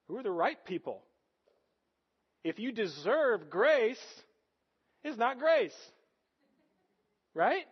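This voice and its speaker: A man's voice: very high voice, very animated, takes it slowly, long pauses, husky, muffled recording. A man preaching a sermon as pastor, earnest and conversational, often putting rhetorical questions to the congregation.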